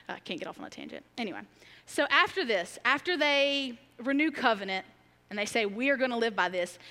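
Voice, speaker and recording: Woman pastor, bright tone, candid and conversational sermon delivery. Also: on the high side. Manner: candid, emotional, conversational, laughs often. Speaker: preacher. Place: church sanctuary. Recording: long hall reverb.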